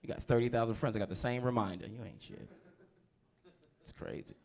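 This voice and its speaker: A man's voice: lowish voice, animated, brisk, creaky, darkish tone. A man in his thirties from New Jersey doing a stand-up set in a comedy club, brash and profane, working the crowd.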